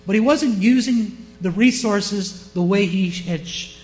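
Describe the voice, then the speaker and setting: A man with a Southern US accent preaching a sermon, often asking his listeners questions and shifting his pace and loudness. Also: sits high, unhurried. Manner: asks the congregation questions, varies pace and loudness. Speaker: pastor.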